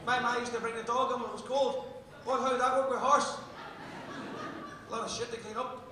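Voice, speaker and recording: A man with a Derry accent doing a stand-up set, talking fast and swearing as he works the crowd. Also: very high voice, level tone, bright, forceful tone, a little hiss or hum. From Derry, Northern Ireland. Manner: rapid-fire, sweary banter with the crowd. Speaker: stand-up comedian. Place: comedy club stage. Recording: echoey club recording from a distance. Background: audience laughter.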